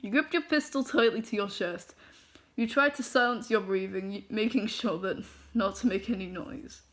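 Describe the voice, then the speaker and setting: A woman reading fanfiction aloud from her own recording, her voice at a middle pitch. She stumbles over words, restarts lines and breaks off into flustered, laughing asides. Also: normal speed. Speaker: fanfiction reader.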